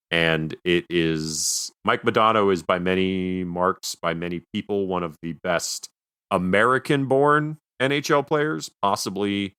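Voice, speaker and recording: A man's voice: deep voice, fairly bright tone, clear, resonant tone, no room sound, clean studio sound. A man co-hosting a casual podcast, rambling with lots of fillers and easy laughs. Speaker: podcast co-host.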